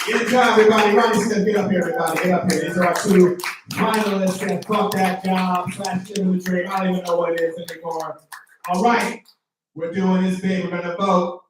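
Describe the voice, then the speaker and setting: A man hosting a live comedy competition on a club stage, pumping up the crowd in a loud, rowdy way. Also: high voice, steady tone, a little fast. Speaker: comedy show host. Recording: roomy club echo, distant mic, noisy.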